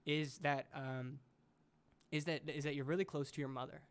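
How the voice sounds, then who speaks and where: A man's voice: on the high side, fairly even intonation, normal speed, clean tone. A young man hosting a casual podcast chat, rambling and jokey, with lots of fillers and restarts. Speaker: podcast host.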